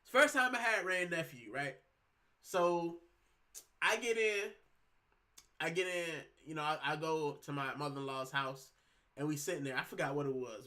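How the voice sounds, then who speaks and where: A man's voice: fairly high pitch, sharp tone. A man from Puerto Rico hosting a football channel, telling stories in slangy casual chat and calling his listeners bro. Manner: slangy storytelling, keeps saying bro.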